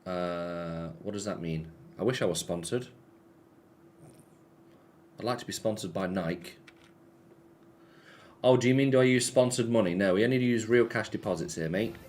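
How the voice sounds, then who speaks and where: A man's voice: fairly low pitch, moderate pace, long pauses, darkish tone, slight background noise. A man hosting a casual live stream, chatting offhandedly and answering viewer messages. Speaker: slots streamer.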